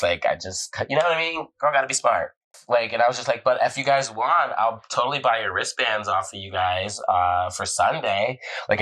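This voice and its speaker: A young man in a casual vlog, telling a story with lively energy and acting out the voices of the people in it. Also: on the low side, low-quality recording. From Southern California. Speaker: vlog host.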